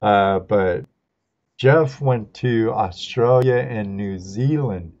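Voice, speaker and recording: A man's voice: on the low side, slow, darkish tone. A middle-aged man from Southern California, hosting a live stream and rambling through stories, laughing at himself. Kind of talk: casual chat. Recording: dull lo-fi stream audio.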